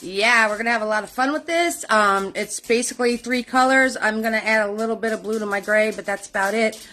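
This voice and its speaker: A woman's voice: on the high side, a little fast, pushed and bright. A middle-aged woman hosting a live online painting class, bubbly and chatty, calling her viewers doll and sweetheart.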